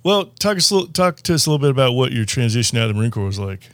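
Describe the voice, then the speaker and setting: A man's voice: mid-range voice, big pitch swings, racing, a bit bright, no room sound. Laid-back male podcast host, dry sound. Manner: friendly, laid-back questioner. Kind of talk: interview.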